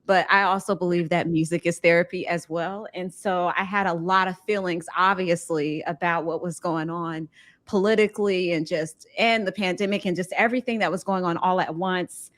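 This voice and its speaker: A woman's voice: on the low side, steady tone, moderate pace, fairly bright tone. A woman from Ohio hosting an interview, talking earnestly and with feeling, trying not to cry. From Ohio, USA. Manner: earnest and heartfelt, holding back tears. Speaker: host. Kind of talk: emotional interview chat.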